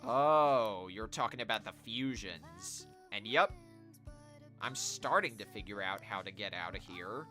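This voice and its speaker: A man's voice: lowish voice, animated, unhurried, bright, forceful tone, faint music behind. A man streaming a video game, chatting casually to viewers as he plays. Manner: chatty, talking to viewers while playing. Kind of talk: casual live-stream commentary.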